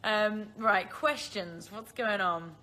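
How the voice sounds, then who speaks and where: Chatting casually on a phone livestream, a young woman from the Isle of Man answers viewer questions and keeps laughing at herself. She's in her twenties, has a British accent, and her mid-range voice moves slowly with a sharp tone.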